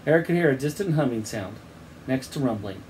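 A man's voice: medium pitch, fairly quick, slight background noise. Guy teacher reading a kids book aloud, voice goes all over, acts out sounds. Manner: expressive, acts out sound effects.

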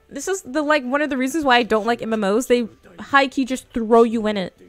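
A woman in her twenties giving casual, slangy commentary while streaming a game, chatty and quick to laugh. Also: high-pitched, faint music behind. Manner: laid-back, chatty, slangy, laughs often.

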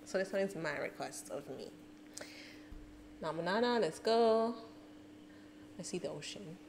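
A woman reacting out loud to music videos in a casual, excitable way, laughing and exclaiming. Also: on the low side, measured pace, a little hiss or hum. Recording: clear music underneath. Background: music playing.

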